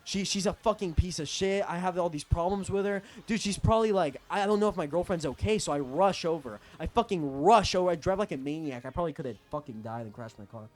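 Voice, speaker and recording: A man's voice: sits high, fast talker, few pauses, a little mellow. A young man telling a personal story in a casual rant, profane, rambling and agitated. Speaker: storytelling vlogger.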